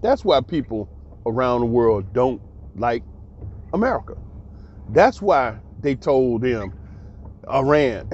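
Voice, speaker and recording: A man's voice: mid-range voice, sing-song, slow, long pauses, a little mellow, a little hiss or hum. Blunt, emphatic man ranting on a lo-fi recording. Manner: emphatic, repetitive, blunt and profane. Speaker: commentator. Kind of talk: casual monologue commentary. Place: abroad.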